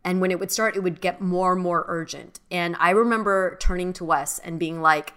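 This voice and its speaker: Bright-voiced woman telling a story. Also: fairly low pitch, moderate pace, few pauses. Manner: animated storyteller, many fillers. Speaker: podcast co-host. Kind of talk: casual storytelling chat.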